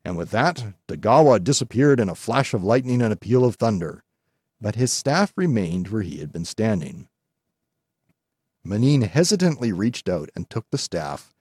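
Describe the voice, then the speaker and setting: A man reading a folk tale aloud as scripted narration, calm and measured. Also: lowish voice, slightly rough, no echo, clean studio sound. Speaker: storyteller.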